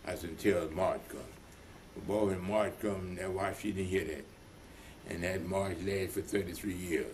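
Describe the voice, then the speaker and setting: A man's voice: low-pitched, fairly even intonation, normal speed, darkish tone, a little hiss or hum. An older man in an oral history interview, telling stories at length and acting out the voices of the people in them. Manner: rambling, retells dialogue in voices. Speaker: veteran being interviewed.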